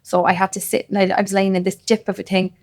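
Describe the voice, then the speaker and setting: A woman's voice: medium pitch, level tone, quick pace, darkish tone. A woman with a Cork Irish accent, a podcast guest telling her story in casual chat, rambling and emphatic, with plenty of "like". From Cork, Ireland.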